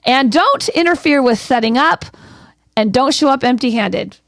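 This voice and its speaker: High-voiced brisk radio co-host woman. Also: expressive, a bit bright, dry recording. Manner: brisk, reads listener notes and tips. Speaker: morning show co-host. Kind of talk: casual radio chat.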